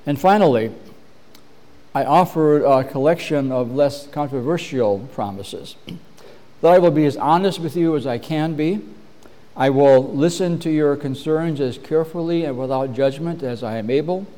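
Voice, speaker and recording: A middle-aged man preaching a measured, earnest sermon as pastor, often clearing his throat. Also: a little high, dark tone.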